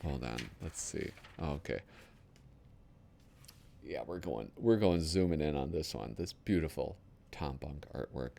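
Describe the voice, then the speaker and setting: A man's voice: a bass voice, expressive, a little slow, vocal fry, pauses often, warm tone. A man hosting a casual magazine flip-through, who swears and trails off into mumbled asides. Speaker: host.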